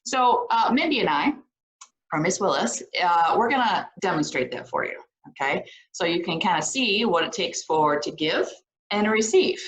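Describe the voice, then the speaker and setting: In a lively classroom video lesson recorded in an echoey room, a program director teaches students social skills. Her fairly low voice moves at normal speed, and she stays animated, often checking in with short questions like "okay?"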